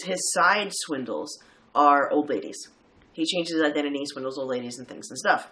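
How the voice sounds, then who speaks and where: A man casually reviewing a film with a co-host, talking in an animated way with laughs and the odd swear. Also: fairly high pitch.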